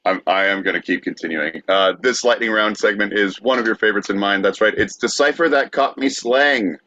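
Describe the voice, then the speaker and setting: A man with a lowish voice introduces a comedy podcast segment, stumbling through fillers as he reads aloud. The recording sounds dull and lo-fi, with the top end muffled. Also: steady tone, fast talker, sharp tone, no echo. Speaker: podcast co-host. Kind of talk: casual comedic banter.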